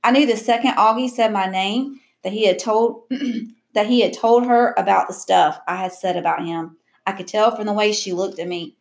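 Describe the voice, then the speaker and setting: A woman's voice: medium pitch, fairly even intonation, moderate pace. A woman reading a novel aloud in a casual way, with small slips and rereads. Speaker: reader.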